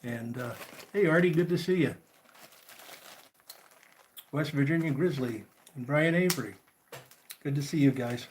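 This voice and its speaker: A man hosting a casual live chat, greeting viewers by name in a relaxed, friendly way. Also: fairly high pitch, unhurried, pauses often, slight background noise. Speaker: livestream host.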